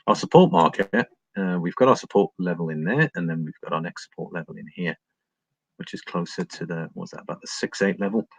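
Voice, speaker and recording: A man's voice: sits low, lively intonation, fairly quick, creaky, breathy edge, dry recording, low-quality recording. An Englishman commentating on market charts in a casual livestream, thinking aloud with frequent ums and chatting to viewers. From England. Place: home, living in Ireland.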